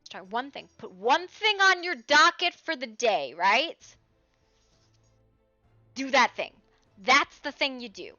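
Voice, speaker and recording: A woman's voice: high-pitched, very animated, takes it slowly, pauses often, bright, forceful tone, dry recording. A woman streaming from home in casual, chatty talk, swearing freely and baby-talking to her dogs, heard over a dull lo-fi recording with faint music. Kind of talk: casual chat.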